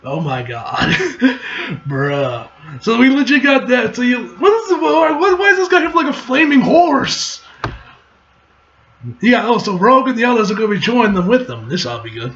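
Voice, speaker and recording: A man's voice: extremely high pitch, big pitch swings, moderate pace, a bit bright, muffled recording, slight background noise. A man reading aloud and reacting casually, rambling, swearing, and trailing off mid-thought. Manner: rambling, profane, trails off and restarts. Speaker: comic reaction host.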